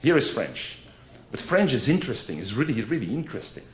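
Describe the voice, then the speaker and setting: A man's voice: mid-range voice, big pitch swings, a little fast. A man gives a conference lecture in a loose, conversational way. He keeps checking in with his listeners and repeats his key points for weight. His voice carries a roomy echo from the hall. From Belgium. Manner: conversational, frequent "right?" and "eh?" asides, emphatic repetition. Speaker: academic lecturer. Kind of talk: academic conference talk.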